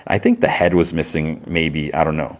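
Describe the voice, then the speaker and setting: A man's voice: extremely low pitch, moderate pace. A man hosting a podcast, chatting casually as he retells a TV episode in a loose, rambling way. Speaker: podcast host.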